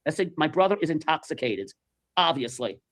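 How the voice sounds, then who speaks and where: A man's voice: on the high side, brisk. A man telling a story in casual chat, animatedly acting out the voices of the people in it. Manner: animated, acts out quoted voices.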